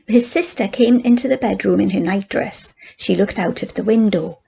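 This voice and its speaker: An older woman, a grandmother, reading a children's book aloud in steady, plain narration. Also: mid-range voice, normal speed, creaky, husky, dull audio. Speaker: grandmother storyteller.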